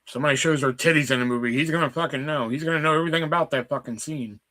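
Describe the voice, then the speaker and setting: A man's voice: a little high, racing, bright, forceful tone. A man hosting a casual trivia night stream, joking and swearing freely with friends. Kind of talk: casual chat over a trivia game.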